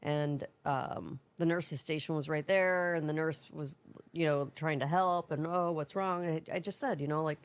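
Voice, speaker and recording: A woman's voice: low-pitched, fairly even intonation, normal speed. A woman co-hosting a podcast, telling a long, rambling story in casual chat. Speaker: podcast co-host.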